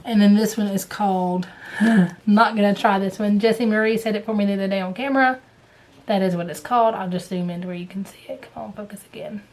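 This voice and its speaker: A woman with a Southern US accent, chatting casually and rambling as she shows off embroidery threads, now and then dropping to a soft murmur. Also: medium pitch, fairly even intonation, fairly quick, slight background noise. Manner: rambling, chatty, drifts to hushed murmurs while showing threads. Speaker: cross-stitch vlogger. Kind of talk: casual chat.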